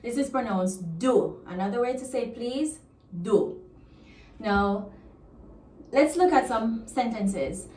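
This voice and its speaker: A woman's voice: a little high, animated, slow pace, pauses often, darkish tone, echoey room, recorded from a distance. A woman from Jamaica with a Jamaican accent, teaching a language lesson and patiently repeating example phrases.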